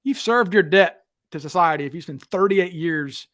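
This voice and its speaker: A man with a high voice hosts a relaxed talk show. He tells stories eagerly and jumps into other people's voices when he quotes them. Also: moderate pace. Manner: animated, acts out quotes with raised voice. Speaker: podcast host. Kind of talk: casual storytelling chat.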